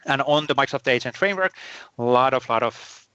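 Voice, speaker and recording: Fast-talking man hosting a community call. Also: medium pitch, sharp tone, smooth, no echo, dull audio. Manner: rapid, full of fillers and repeated words. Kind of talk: live online community call recap. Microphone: computer microphone on a video call.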